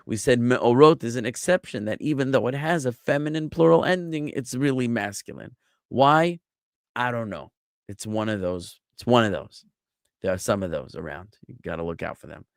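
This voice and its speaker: A man's voice: mid-range voice, moderate pace, no echo, studio quality. A man teaching Biblical Hebrew grammar to a class, patiently drilling word forms and quizzing his students with questions.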